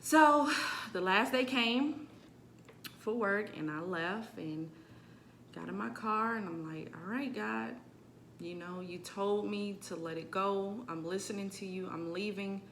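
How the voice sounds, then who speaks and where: A young adult woman telling a personal story to camera in a casual, expressive way, moving between quiet asides and emphatic moments. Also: medium pitch, measured pace, vocal fry, a little hiss or hum. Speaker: vlogger sharing a personal testimony.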